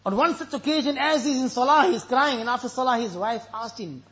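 A man's voice: extremely high pitch, brisk, fairly bright tone, muffled recording. A man preaching a sermon with emotion, telling stories and reciting Arabic verses.

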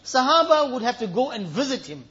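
A man's voice: extremely high pitch, big pitch swings, brisk, sharp tone, dull audio. A man preaching a sermon with emotion, telling stories and reciting Arabic verses.

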